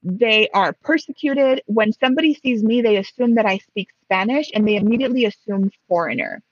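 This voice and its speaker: A woman's voice: fairly high pitch, a little fast, no room sound, dull audio. A Mexican woman telling a story in casual conversation, acting out both sides of a heated exchange. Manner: animated, acts out both sides of a dialogue.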